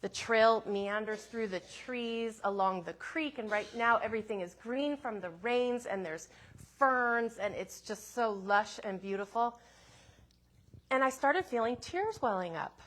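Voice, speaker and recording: A woman minister telling a personal story in a sermon, in a gentle, reflective way with soft asides. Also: a little high, unhurried.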